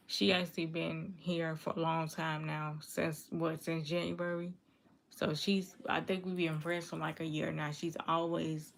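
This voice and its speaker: Low gravelly woman, earnest and repetitive. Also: slight background noise. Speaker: livestream vlogger reading viewer comments. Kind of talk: casual confessional talk to viewers.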